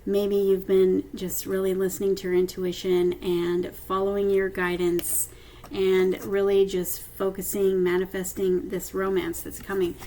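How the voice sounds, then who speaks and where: A woman at a mid pitch gives a casual card reading, talking straight to her viewers. Her delivery is chatty, and she keeps checking in with them as she goes. A faint hiss runs underneath. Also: monotone, unhurried, dark tone, rough recording. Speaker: tarot card reader. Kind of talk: casual intuitive reading to camera.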